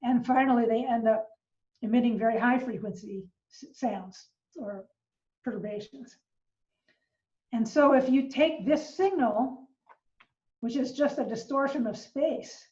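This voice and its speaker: In a somewhat dull, muffled recording, an older astronomy professor gives an informal online lecture from a roomy living room, recorded from a distance. Her voice is a little high with a dark tone and sounds set back from the mic. She explains patiently, pausing on fillers as she works through each idea.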